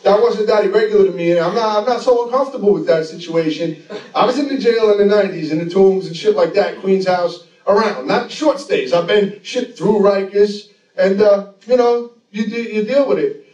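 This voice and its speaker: A man's voice: sits high, a little mellow. A man in his forties telling a loose, profane story on stage in a laid-back street manner. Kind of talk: live comic storytelling. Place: stage before a laughing audience. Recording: echoey room from a distant mic. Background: crowd laughter.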